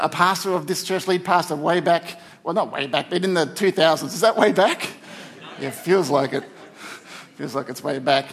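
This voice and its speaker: Male pastor, high register, relaxed joking sermon delivery in a church. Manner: chatty, joking asides with the congregation. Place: church hall.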